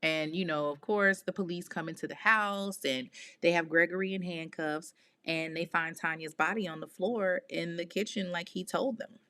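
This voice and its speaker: A woman hosting a podcast, telling a true-crime story in a casual, animated way, with outspoken, exasperated asides in slang. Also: fairly low pitch, normal speed, hardly any pauses. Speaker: podcast host.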